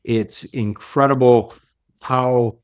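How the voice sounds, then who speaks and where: Animated man telling stories in an interview. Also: mid-range voice, slow pace, clean tone. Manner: animated, repeats and restarts words often. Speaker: leadership coach, podcast guest. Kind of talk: conversational interview storytelling.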